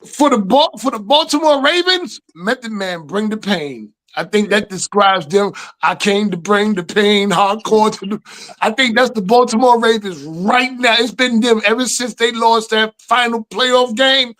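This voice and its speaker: A man's voice: very high voice, moderate pace, few pauses, a bit bright. A man with a Brooklyn, New York accent, co-hosting a casual sports podcast, joking, cursing and quoting rap lyrics. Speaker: podcast co-host.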